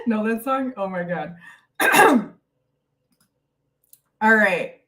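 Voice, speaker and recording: A woman's voice: medium pitch, very animated, drawn-out words, long pauses, a bit bright, recorded from a distance. A woman hosting a casual live stream Q&A from home, chatty and bubbly as she greets viewers by name, a little out of breath. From United States. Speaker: YouTube host.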